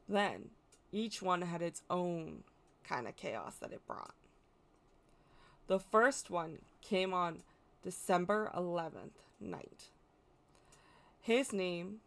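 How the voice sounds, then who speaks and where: A woman's voice: on the low side, creaky, a bit bright. A woman hosting a folklore channel, explaining in a chatty, rambling way with fillers and self-corrections. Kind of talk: casual explainer talk.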